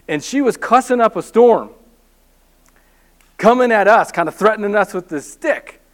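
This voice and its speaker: Brief: male pastor, higher-pitched voice, lively storytelling sermon with self-deprecating humor. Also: moderate pace.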